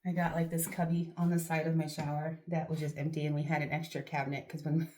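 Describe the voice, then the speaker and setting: A woman's voice: sits low, level tone, quick pace, mellow. A middle-aged woman vlogging at home, chatting casually to camera with rambling, self-deprecating asides and a sniffly nose. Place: at home, doing a face mask.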